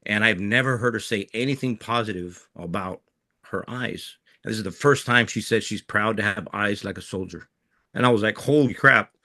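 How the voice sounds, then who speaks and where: A man's voice: on the low side, moderate pace, sharp tone, no room sound, studio quality. A middle-aged man from southern New Mexico, a veteran guest telling personal stories in an interview, candid and emotional, with frequent restarts. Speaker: guest, Green Beret veteran. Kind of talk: conversational storytelling interview.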